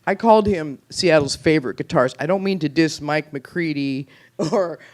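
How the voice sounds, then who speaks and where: A man's voice: fairly high pitch, normal speed, slight background noise. A man hosting a blues show, chatting with a guest and signing off with thanks. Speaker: radio show host. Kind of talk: casual chat, show sign-off.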